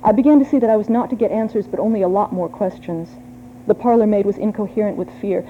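A woman's voice: mid-range voice, quick pace. Woman reading a gothic tale, tinny. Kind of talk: dramatic gothic story reading. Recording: tinny phone-like sound with faint hum.

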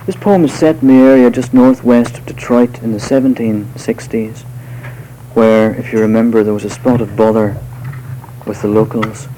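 A man giving a live poetry reading to an audience, delivering verse in a measured, unhurried way with hesitant spoken asides between poems. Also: mid-range voice, steady tone, dark tone, a little hiss or hum, poor audio. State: voice slightly off tonight.

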